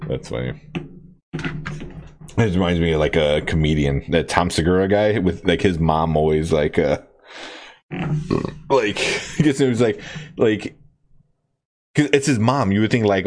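A podcast host chats casually about comedy specials, animated and laughing often, his speech packed with "like" and "you know." He has a low voice, a measured pace, and long pauses.

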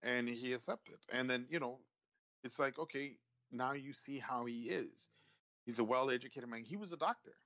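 A man's voice: medium pitch, normal speed, bright, forceful tone, no echo, highs cut off. A man in casual chat about a movie he watched, often repeating words and restarting his sentences. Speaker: movie discussion co-host.

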